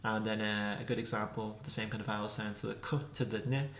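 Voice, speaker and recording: A man teaching a casual pronunciation lesson, repeating consonant sounds slowly to demonstrate them. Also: lowish voice, little pitch movement, fairly bright tone, a little hiss or hum. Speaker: language teacher. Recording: echoey room.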